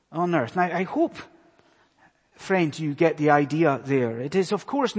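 Scottish male preacher, earnest sermon delivery, slightly husky and higher voice, long hall echo. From Scotland. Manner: earnest, questioning the congregation, swings between loud emphasis and hushed lines. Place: church in a large hall.

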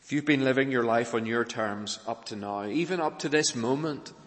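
A man preaches with earnest conviction, his voice sitting at an ordinary middle pitch. He presses hard on key points and then drops to a hushed, quiet tone. A long reverb trails each phrase, as in a large church hall. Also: normal speed. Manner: earnest, rising to urgent emphasis then dropping soft. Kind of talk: sermon.

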